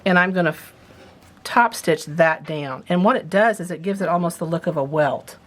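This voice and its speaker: A woman's voice: on the low side, normal speed, a little hiss or hum. A woman giving a casual sewing demonstration, chatting as she explains each step while she handles the materials. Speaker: sewing instructor.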